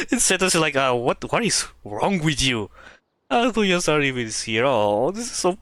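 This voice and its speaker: A woman's voice: low-pitched, big pitch swings, measured pace, a bit bright, no room sound. A woman streaming a video game, reading the dialogue aloud and reacting emotionally, laughing and stammering often. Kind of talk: casual gameplay commentary, reading dialogue aloud.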